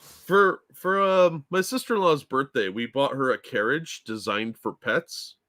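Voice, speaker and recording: A man co-hosting a casual podcast, telling animated anecdotes and swearing freely. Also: mid-range voice, a little slow. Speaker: podcast co-host. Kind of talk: casual chat.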